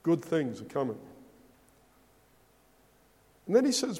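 A man's voice: on the high side, wildly swooping pitch, slow pace, pauses often, mellow. A man preaching a sermon, speaking emphatically and asking rhetorical questions. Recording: long hall reverb.

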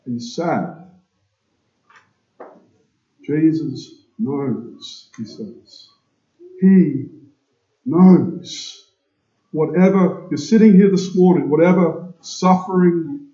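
A man preaching a sermon to his congregation, slow and emphatic, asking rhetorical questions. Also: fairly high pitch, mellow. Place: church. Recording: echoey, dull church recording.

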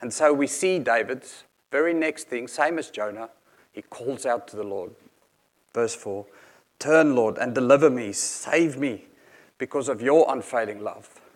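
A man's voice: mid-range voice, a little slow. A man preaching a sermon in an earnest, explanatory manner, reading scripture aloud and unpacking each verse.

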